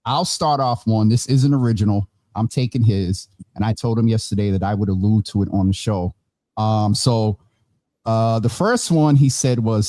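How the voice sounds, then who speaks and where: A tired man hosting a relaxed, chatty online show from a warm room at home, laughing now and then. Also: on the low side, moderate pace, dry recording. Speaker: host. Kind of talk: casual chat. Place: hot room at home with vents and fan. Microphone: phone or video call.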